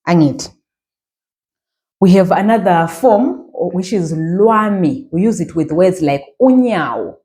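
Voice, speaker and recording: A woman's voice: lowish voice, mellow. A woman with a Zimbabwean accent teaching a language lesson, patiently repeating phrases and checking in with her learners.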